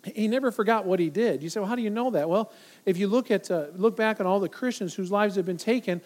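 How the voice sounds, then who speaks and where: A man delivering a sermon in a high-pitched voice, pressing his points with repetition. His delivery swings between loud emphasis and hushed lines when he voices quoted speech. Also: quick pace. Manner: emphatic, repeats phrases for weight; acts out quoted voices, from loud to near silent. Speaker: pastor.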